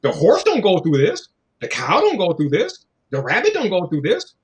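A man's voice: high-pitched, wildly swooping pitch, moderate pace. A man in casual conversation, talking in a loose, profane, preachy way and acting out little voices as he goes. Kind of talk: casual chat.

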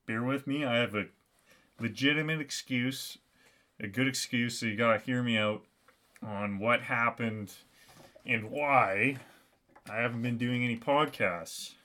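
A man hosting his own podcast, telling a comedic story in a deadpan, halting way with lots of restarts. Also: mid-range voice. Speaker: podcast host.

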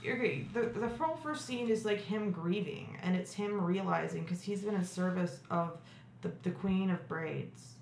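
A woman's voice: fairly low pitch, normal speed, gravelly. Woman podcast host riffing on a show, swears a lot, roomy echo, faint hiss. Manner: irreverent, profane, deadpan jokes. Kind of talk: casual comedic recap chat.

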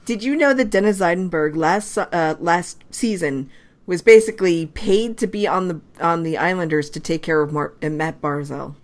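A woman co-hosting a casual sports podcast, chatty with quick asides and frequent laughter. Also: fairly low pitch. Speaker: podcast co-host. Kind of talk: casual hockey chat.

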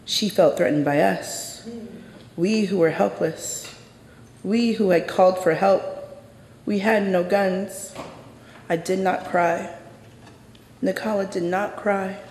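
A man performing a dramatic personal story on a theater stage, in a measured, intense way with deliberate pauses. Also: sits high, steady tone, darkish tone, slight background noise. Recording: echoey hall with long reverb.

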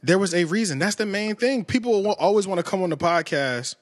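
A man's voice: high-pitched, animated, a little fast, no room sound. A man hosting a podcast in casual, emphatic chat, often asking if you know what he's saying. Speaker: podcast host.

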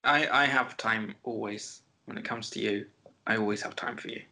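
A man's voice: fairly low pitch, normal speed, pushed and bright. A man co-hosting a podcast, playful and giggly in casual chat. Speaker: podcast co-host.

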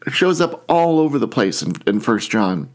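A man's voice: fairly low pitch, sing-song, normal speed. A man preaching a sermon as pastor, opening with a conversational story and acting out quoted voices.

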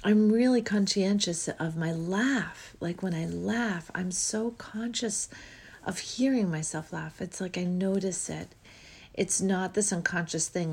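A woman's voice: fairly low pitch, gravelly, slightly rough. A middle-aged woman hosting a spiritual podcast, musing dreamily and yawning as she talks. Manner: dreamy, musing, with frequent yawns and soft trailing words. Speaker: podcast host.

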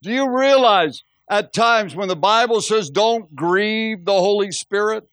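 Pastor guy preaching, tells funny stories, kinda high voice, dry room. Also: unhurried, no room sound. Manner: storytelling, animated, acts out quotes with laughs. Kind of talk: sermon.

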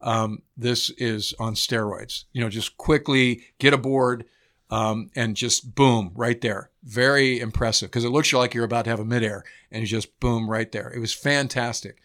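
A man in his fifties, an editor and former naval aviator, telling flying stories in a relaxed, anecdotal way with casual swearing and plenty of fillers. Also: mid-range voice, moderate pace. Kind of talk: casual storytelling chat.

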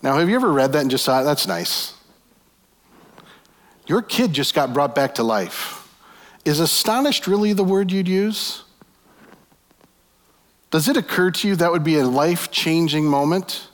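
A man's voice: on the high side, normal speed. Preacher man in a reverberant hall. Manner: animated imaginative retelling, rhetorical questions. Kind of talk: sermon.

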